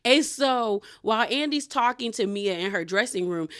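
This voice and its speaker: A woman's voice: fairly high pitch, lively intonation, normal speed, fairly bright tone, smooth. Sassy woman recapping a reality show. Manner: slangy, sassy, with mock-quote asides.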